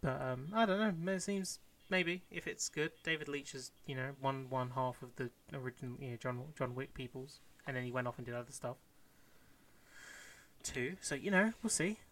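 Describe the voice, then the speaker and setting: Blunt, sardonic man, bright voice. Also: medium pitch, moderate pace, a little hiss or hum. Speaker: podcast co-host. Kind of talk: casual film chat.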